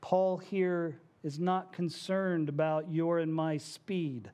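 A man's voice: fairly high pitch, steady tone, slow pace, warm tone. A male pastor preaching a sermon to his congregation in a church, conversational, with asides and small jokes. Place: church sanctuary.

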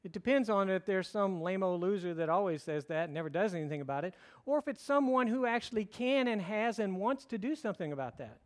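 A middle-aged man delivers a sermon with a notably high-pitched voice. He preaches in a conversational, storytelling way, slipping in light humor as he walks his listeners through the text. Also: animated, fast, hardly any pauses. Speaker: pastor.

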